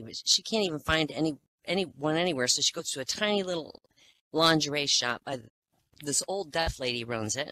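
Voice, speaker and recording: A woman's voice: low-pitched, sharp tone, slight background noise. A woman telling a string of jokes, laughing at her own punchlines and jumping into character voices. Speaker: joke teller. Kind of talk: telling jokes to a live audience.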